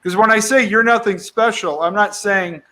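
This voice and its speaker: A man with a high, bright voice chats as a comedian guest in an interview. He tells stories in an animated way and acts out the lines he quotes with whoops and cheers. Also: moderate pace. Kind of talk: casual interview chat.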